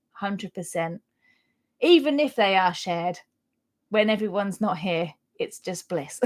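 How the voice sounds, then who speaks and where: A woman's voice: fairly high pitch, fairly bright tone. A woman in her thirties with a Norfolk English accent, hosting a casual crochet live stream, chatty and self-deprecating, laughing often. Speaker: crochet channel host.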